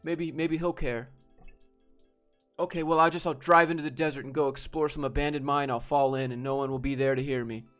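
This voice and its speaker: A man's voice: fairly high pitch, steady tone, fairly quick, a bit bright, soft background music, lightly acted. A man voicing his tearful, self-pitying middle-aged father, who begs and makes melodramatic threats. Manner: whiny begging, melodramatic threats.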